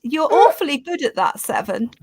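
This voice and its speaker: High lively English woman host. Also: normal speed, no room sound. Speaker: livestream host. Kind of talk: casual chat.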